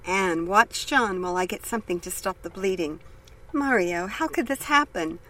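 A woman reading the lines of an anxious young mother, sounding alarmed and hurried. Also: mid-range voice, expressive, sharp tone.

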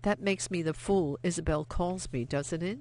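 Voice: medium pitch, moderate pace, darkish tone, close to an everyday voice. An audiobook narrator voicing Vianne, a young French wife, anxious and guilt-ridden, who pleads and stammers when cornered. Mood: weary.

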